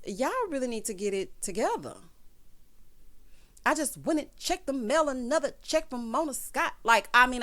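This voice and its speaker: A woman giving a sassy, animated recap of a reality TV episode, full of slang and asides to her viewers. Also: a little high. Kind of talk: casual recap commentary.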